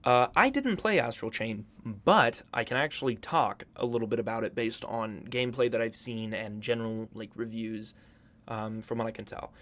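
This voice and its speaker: A man's voice: mid-range voice, moderate pace, a bit bright. A man hosting a casual commentary video, profane, joking and hyperbolic. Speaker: YouTube host.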